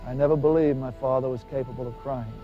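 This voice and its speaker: A man's voice: mid-range voice, steady tone, fast. A man who is a minister gives an earnest personal testimony, retelling his past with dramatic voiced dialogue. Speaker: former gangster turned minister giving testimony. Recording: dull lo-fi recording with faint music.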